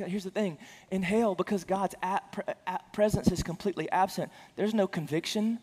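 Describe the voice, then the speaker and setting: High-voiced earnest male preacher, reverberant hall. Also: steady tone, brisk, hardly any pauses, a little mellow, husky. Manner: earnest, with frequent restarts and stammered repeats; rises in pitch and volume for emphasis. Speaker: pastor. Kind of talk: sermon.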